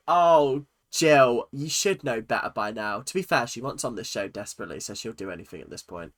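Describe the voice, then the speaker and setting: A chatty reaction-video host, animated and swearing casually, laughing often into a close mic. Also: mid-range voice, brisk, few pauses.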